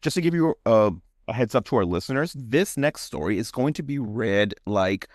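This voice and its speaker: A man's voice: medium pitch, expressive, normal speed, no echo, clean studio sound. A man co-hosting a horror podcast who talks casually with lots of "like" and laughter, and also narrates ghost stories. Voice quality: chatty, lots of "like", laughs often. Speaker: podcast co-host and story narrator. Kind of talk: casual chat and dramatic story narration.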